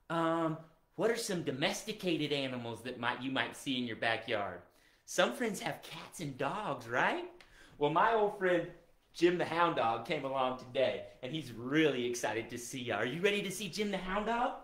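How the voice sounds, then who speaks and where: Brief: upbeat male kids' show host, lively pitch, roomy sound with faint guitar. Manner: cheerful, addresses children directly. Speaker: children's musician and show host.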